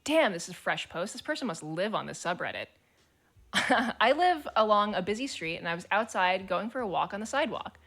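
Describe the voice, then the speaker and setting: A woman's voice: mid-range voice, lively intonation, brisk, a bit bright. A woman streamer chatting casually and reading forum posts aloud, blunt, swearing freely and laughing as she talks.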